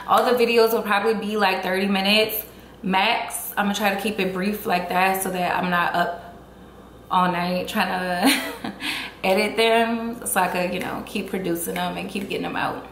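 A woman's voice: medium pitch, steady tone, normal speed, a bit bright. A woman talking casually to her viewers in a vlog, chatty and nervous. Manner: chatty, talks to viewers as y'all. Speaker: vlogger. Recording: echoey room with faint noise.

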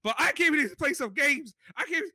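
A man with a very bright, high voice talks in a fast, lively rush of excitement. He swears freely and jumps between a high pitch and deep mock voices. The sound is dry and close. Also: dry recording. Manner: animated, swearing, mimics deep voices of company speakers. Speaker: podcast co-host. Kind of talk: excited casual chat.

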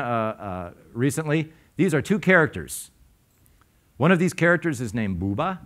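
A man speaking to a live audience at a conference, conversational and quizzing the crowd, with frequent uh fillers. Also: medium pitch. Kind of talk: conference talk with audience questions. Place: lecture room before a live audience.

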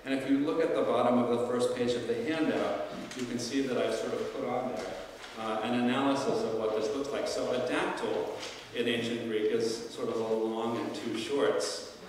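A man gives a classics lecture, thinking aloud as he goes, with ums and restarted phrases. His voice sits at an ordinary middle pitch. It comes from a distance in a large, echoing hall with a long reverb tail. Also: fairly even intonation, moderate pace, slight background noise. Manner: thoughtful, many fillers and restarts. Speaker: professor of classics. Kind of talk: lecture to alumni. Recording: roomy hall, distant mic.

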